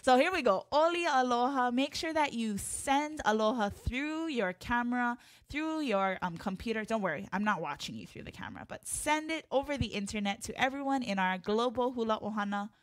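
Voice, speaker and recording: A woman teaching an online hula class, chatting to viewers by name in a friendly way and leading chants in long drawn-out tones. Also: fairly high pitch, animated, no echo.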